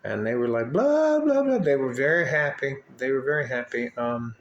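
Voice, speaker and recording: A man's voice: mid-range voice, fairly even intonation, a little fast, fairly bright tone, dull audio, slight background noise. An older man who coaches young men, talking to the camera in a rambling, profane, fatherly way. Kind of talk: casual vlog talk to camera. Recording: roomy echo.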